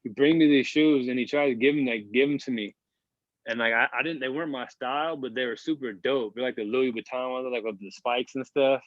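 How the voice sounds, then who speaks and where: A man's voice: medium pitch, fairly even intonation, brisk, no room sound. A man in his thirties, a podcast guest, telling a long story casually, rambling and swearing with lots of filler words. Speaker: podcast guest, basketball player. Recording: dull, dry lo-fi sound.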